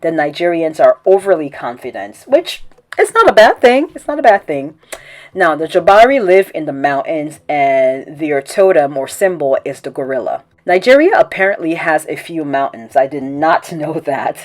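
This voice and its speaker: Low-voiced woman giving cultural commentary. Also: expressive, darkish tone. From Cameroon. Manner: measured explanatory delivery with wry asides. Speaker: video essay host. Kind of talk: scripted commentary read to camera.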